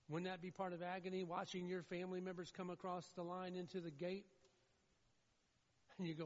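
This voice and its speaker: A man preaching a sermon as pastor, swinging between loud, pleading emphasis and low, somber passages. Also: level tone, fairly quick, pauses often. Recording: dull, muffled sound with long hall reverb.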